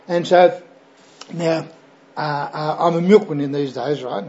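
A man's voice: fairly high pitch, a little slow, darkish tone, lo-fi sound, a little hiss or hum. An older Australian man, a pastor, telling his personal testimony in a chatty, rambling way with frequent fillers and "right?" tags.

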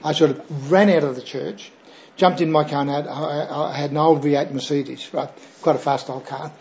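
A man's voice: fairly high pitch, fairly even intonation, moderate pace, darkish tone, muffled recording. An older Australian man, a pastor, telling his personal testimony in a chatty, rambling way with frequent fillers and "right?" tags.

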